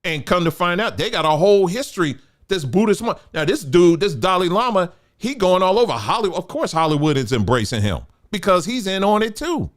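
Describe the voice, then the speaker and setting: A man's voice: high-pitched, big pitch swings, brisk, hardly any pauses. A man hosting a commentary show, delivering an emphatic, preachy monologue. He calls his listeners family and repeats phrases for emphasis. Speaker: show host.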